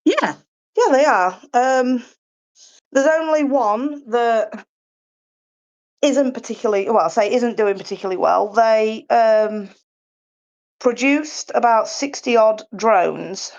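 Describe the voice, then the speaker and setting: A woman guest chats on a podcast in a loose, rambling way. She fills her pauses with ums and pokes fun at herself. The recording sounds a little dull and lo-fi. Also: mid-range voice, creaky, a little mellow. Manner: chatty, self-deprecating, many ums. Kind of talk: casual podcast chat. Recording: slightly muffled lo-fi sound.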